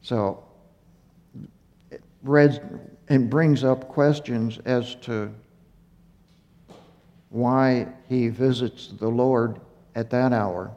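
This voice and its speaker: Man teaching scripture, very slow, mellow voice, out of breath, muffled hall recording. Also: medium pitch, fairly even intonation. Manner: slow, halting, with fillers and self-corrections. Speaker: Bible teacher. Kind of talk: unhurried Torah teaching.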